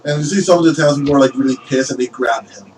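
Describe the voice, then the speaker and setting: A man's voice: mid-range voice, fast talker, a little mellow, recorded from a distance, a little hiss or hum, low-quality recording. A man narrating a tabletop game as game master, rambling with many fillers.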